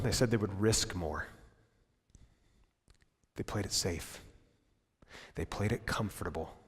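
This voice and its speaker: A man, the pastor, preaching a lively sermon in a church. He acts out bits of dialogue in raised voices and drops to low, quiet tones for emphasis. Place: church sanctuary. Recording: long church reverb.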